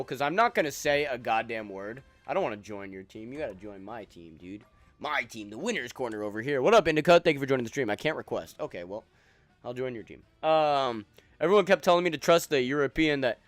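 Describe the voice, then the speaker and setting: A man's voice: mid-range voice, expressive, fairly quick, a bit bright, smooth, no echo, faint music behind. A young man streaming a game, chatting loosely with friends and chat in profane, rambling banter. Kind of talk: casual gaming stream chat.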